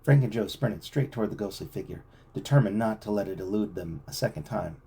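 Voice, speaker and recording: A man reading a novel aloud to a child at home, with expressive storytelling. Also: fairly low pitch, brisk, gravelly, breathy edge.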